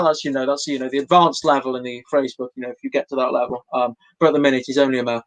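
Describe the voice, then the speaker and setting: A man's voice: medium pitch, fast talker, poor audio. A young man doing a meandering, self-deprecating stand-up set at home for an online showcase, full of fillers and restarts. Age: young adult. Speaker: stand-up comedian.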